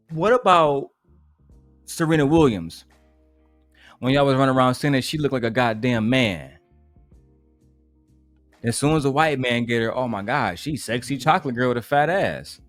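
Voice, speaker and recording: A man's voice: medium pitch, fairly bright tone, no echo. A man hosting a reaction livestream, talking in a blunt, profane, ranting way. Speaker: livestream host. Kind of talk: casual reaction stream chat.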